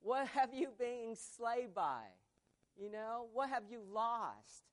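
A woman preaching a sermon, reading scripture aloud and building from a measured delivery into emphatic proclamation. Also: a little high, lively intonation.

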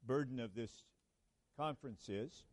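A man preaching a sermon at a church conference in an earnest way, pausing and restarting, then rising to emphatic proclamations. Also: mid-range voice. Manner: slow, earnest, with halting restarts and sudden emphatic rises.

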